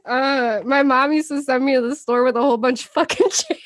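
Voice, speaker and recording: High-pitched, laughing woman co-host. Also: steady tone, brisk, no room sound. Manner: laughing a lot while retelling a story; profane, loose storytelling. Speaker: podcast co-host. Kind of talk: casual chat.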